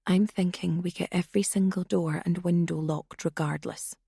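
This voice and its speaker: A woman's voice: on the low side, fairly even intonation, normal speed, vocal fry, dark tone, breathy edge, dry recording, clean studio sound. A woman voicing a nervous young woman who reacts sharply and incredulously. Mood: uneasy.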